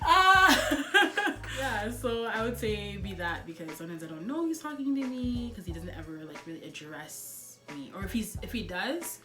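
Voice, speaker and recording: A woman's voice: medium pitch, expressive, normal speed, hardly any pauses. A woman hosting a casual sibling chat video, giggly and full of filler words. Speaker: vlog host. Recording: roomy with background music.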